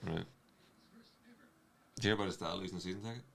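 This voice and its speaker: Deep, bright-toned teasing man. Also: quick pace, vocal fry. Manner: teasing, excitable, lively banter. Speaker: watchalong co-host. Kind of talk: casual football watchalong banter.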